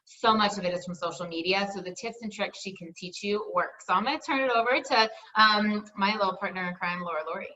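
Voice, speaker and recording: A woman hosts a motivational team call, chatty and keen, tossing in "like" and "right?" as she goes. Her voice is bright and forward. It sounds a little distant and muffled, like call audio. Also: mid-range voice, fairly quick, hardly any pauses. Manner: enthusiastic, chatty, peppered with "like" and "right?". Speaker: team leader hosting a sales team call.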